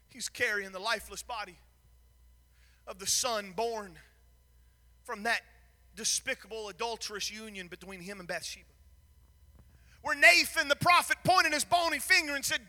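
A man preaching a sermon, swinging from hushed near-whispers to shouted, sung-out lines in a chanting cadence. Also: very high voice, normal speed, pauses often, long reverb tail.

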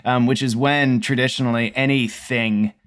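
Casting: male podcast host, mid pitch, thoughtful, musing. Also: fairly even intonation, moderate pace, a bit bright. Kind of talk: casual podcast chat.

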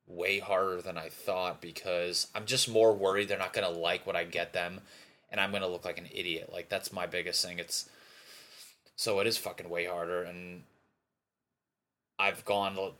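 A man's voice: sits low, a bit bright. A young man talking alone in a casual, rambling monologue, swearing a lot and restarting his sentences often. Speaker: podcaster.

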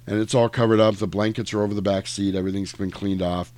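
A man's voice: fairly low pitch, steady tone, fast talker, darkish tone. A man casually retelling a story at length, rambling and profane, with lots of fillers.

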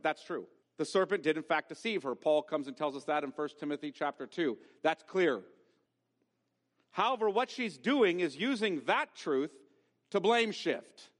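Emphatic preacher with a lively voice. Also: male voice, sits high, long reverb tail. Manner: emphatic, with rhetorical questions. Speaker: pastor. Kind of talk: sermon. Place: church sanctuary.

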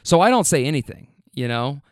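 A man hosting a show, telling a comic story in a casual, animated, profane way with quick asides. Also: on the high side, dry recording, clean studio sound.

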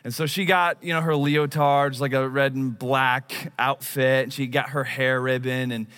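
Bright-voiced storytelling pastor, a man. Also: medium pitch, little pitch movement, moderate pace, clean tone. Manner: conversational storytelling, self-deprecating. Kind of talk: sermon.

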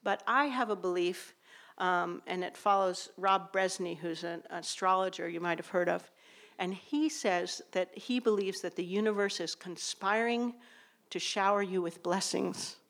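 A woman's voice: on the low side, unhurried, fairly bright tone. A woman telling a personal story on a theater stage to a live audience, hesitant and full of fillers.

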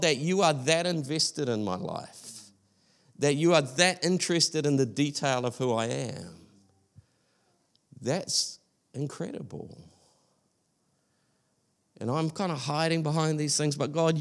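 A man preaching in an earnest, conversational way, his voice sitting a little high. He often restarts his sentences and speaks plainly, as if talking things over with the room. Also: animated, slow, gravelly, pauses often. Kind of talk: sermon.

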